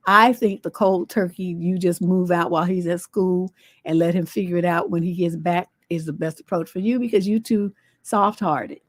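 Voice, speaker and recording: A woman's voice: fairly low pitch, steady tone, normal speed, no room sound. A woman hosting a livestream as a relationship coach. She talks in a blunt, sassy way and swears freely. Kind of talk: livestream advice show.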